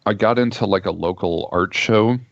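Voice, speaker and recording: A low-voiced man in relaxed, joking conversation. His sound is dry, with no room in it. The audio is somewhat dull. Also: normal speed, creaky, no echo. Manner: relaxed, joking, self-deprecating. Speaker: guest on a livestream interview. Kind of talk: casual chat.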